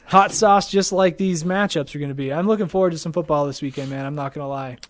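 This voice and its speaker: A man's voice: a little high, fast. A man hosting a sports podcast in casual chat, rambling and laughing often. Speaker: podcast host.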